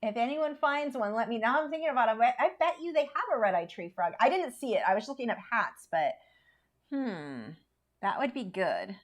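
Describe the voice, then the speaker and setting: Chatty woman artist, slightly high voice. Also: animated, normal speed. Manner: chatty, opinionated, laughs often. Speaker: artist streamer. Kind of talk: casual livestream chat while painting.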